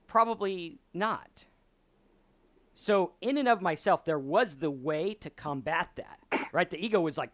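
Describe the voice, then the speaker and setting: Animated man lecturing at a whiteboard. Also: on the high side, moderate pace, dry recording. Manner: conversational, animated, acts out quoted voices. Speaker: podcast host.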